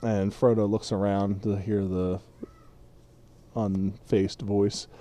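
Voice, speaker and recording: A man's voice: fairly low pitch, flat delivery, slow pace, dark tone. A man narrating as game master in a casual, rambling way.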